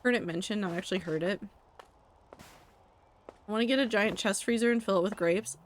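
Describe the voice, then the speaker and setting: A woman's voice: mid-range voice, a little fast, slight background noise, rough recording. A woman streaming a game, chatting casually with her chat in a wry, talkative way and swearing now and then. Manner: chatty, wry, reacting to chat with asides and profanity.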